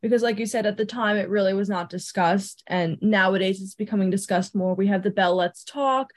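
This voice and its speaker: A woman's voice: mid-range voice, fairly quick. A woman fan and season ticket holder, talking earnestly in a casual chat, with frequent ums. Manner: earnest, eager, many ums.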